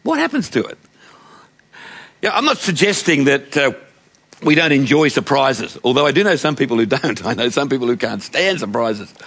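A man's voice: medium pitch, big pitch swings, moderate pace, fairly bright tone, breathy edge. An older Australian man preaching a sermon in a chatty, storytelling way, often putting questions to his listeners.

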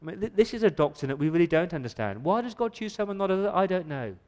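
A pastor giving an emphatic church sermon, full of rhetorical questions and quick stumbling repeats. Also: male voice, high-pitched, very animated, darkish tone.

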